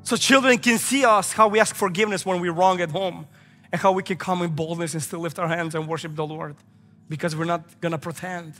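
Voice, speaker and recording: A man's voice: high-pitched, steady tone, fairly quick, fairly bright tone. A male pastor in his thirties preaching a sermon, emphatic and repetitive, weaving in stories from his own family. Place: large church sanctuary. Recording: echoey hall with faint music.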